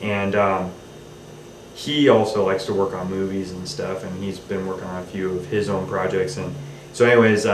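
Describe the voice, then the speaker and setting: Brief: male director, lowish voice, easygoing and rambling, recorded at a distance in an echoey room. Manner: rambling, many ums and restarts. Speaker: film director. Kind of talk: casual behind-the-scenes recollection. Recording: roomy, off-mic, faint hiss.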